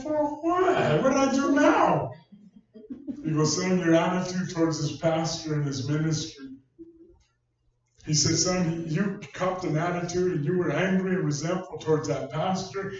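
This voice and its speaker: A man's voice: fairly high pitch, fairly even intonation, moderate pace. A man preaching a sermon, telling a personal story in a folksy, conversational way. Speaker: pastor. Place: church hall. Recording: distant echoey church recording, dull sound.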